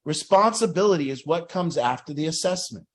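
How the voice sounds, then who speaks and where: A man's voice: on the high side, animated, fairly quick. A man talking earnestly to a recovery group, acting out people's inner voices as he explains. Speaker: group facilitator. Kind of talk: motivational group talk.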